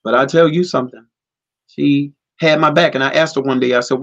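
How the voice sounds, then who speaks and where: A man's voice: mid-range voice, fairly even intonation, fairly quick, fairly bright tone, highs cut off. A man giving an earnest, emphatic conversational testimony.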